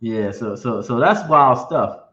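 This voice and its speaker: A man hosting a casual video-call interview, outspoken and animated, laughing often. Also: medium pitch, measured pace, reverberant, highs cut off. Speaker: interview host, comic company head.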